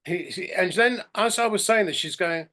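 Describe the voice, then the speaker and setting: A middle-aged man with a slightly higher-than-usual voice, chatting as an interview guest. He wanders through long anecdotes, tripping over restarts and slipping into the voices of the people he quotes. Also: moderate pace, bright, forceful tone. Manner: rambling storyteller, many restarts and acted-out quotes. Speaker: podcast guest. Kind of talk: casual interview chat.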